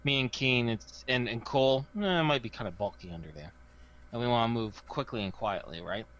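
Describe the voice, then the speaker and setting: Male player, bright and talkative, planning out loud, slightly muffled. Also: medium pitch, expressive, brisk. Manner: chatty, seeking agreement. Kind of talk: casual tabletop role-play. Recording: dull lo-fi voice chat.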